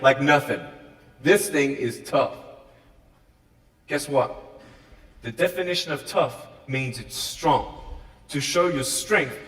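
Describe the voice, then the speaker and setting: An Australian man giving an animated motivational speech to a school audience, swinging between quiet talk and shouting. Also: mid-range voice. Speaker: motivational speaker. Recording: echoey hall, far from the mic.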